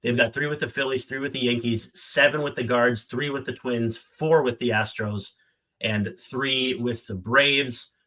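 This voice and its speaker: A man's voice: medium pitch, fairly even intonation, unhurried, bright, forceful tone. A man co-hosting a casual sports podcast, chatty and enthusiastic, cracking jokes as he talks. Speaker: podcast co-host.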